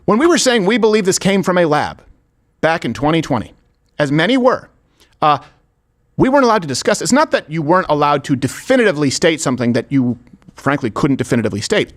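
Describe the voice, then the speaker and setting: A man hosting a talk show, giving opinionated, sarcastic commentary and joking with his co-hosts. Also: on the high side. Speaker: show host.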